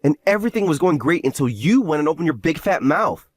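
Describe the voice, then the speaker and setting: Man voicing an angry scheming brother, high voice, big pitch swings, dry close mic. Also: big pitch swings, fast, slightly rough, dry recording. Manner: exasperated, scolding. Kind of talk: voiced story drama.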